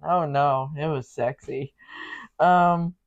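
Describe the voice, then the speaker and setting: A woman co-hosting a casual podcast, chatty and quick to react. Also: low voice, fairly even intonation, dull audio. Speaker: podcast co-host. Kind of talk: casual chat.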